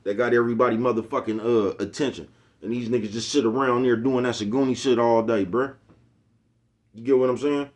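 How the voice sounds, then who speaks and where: Man in his forties, YouTube host, rambling motivational monologue, streetwise slang, middle-pitched voice. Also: steady tone, fairly quick. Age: 40s.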